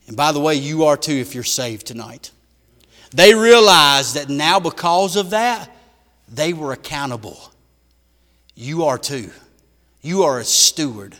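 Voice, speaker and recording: A man preaching a sermon in a church, shifting from loud emphatic bursts to hushed lines. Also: fairly high pitch, long reverb tail. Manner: emphatic preaching with big swings in volume.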